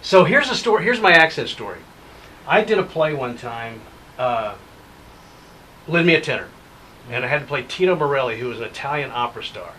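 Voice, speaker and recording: Bright-voiced easygoing male talk host. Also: medium pitch, animated, a little fast, long pauses, slight background noise, poor audio. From Lubbock, Texas. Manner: easygoing, repeats words while searching. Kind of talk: casual interview chat.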